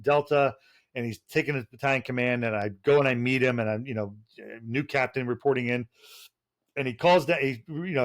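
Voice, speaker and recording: A man's voice: medium pitch, fairly quick. A middle-aged man, a retired Special Forces officer and podcast guest, telling rambling, profane anecdotes with frequent restarts. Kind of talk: casual podcast storytelling.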